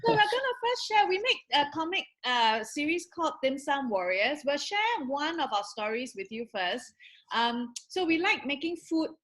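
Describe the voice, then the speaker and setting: A woman's voice: high-pitched, very animated, moderate pace, fairly bright tone. A woman, a comic creator cheerfully presenting to children.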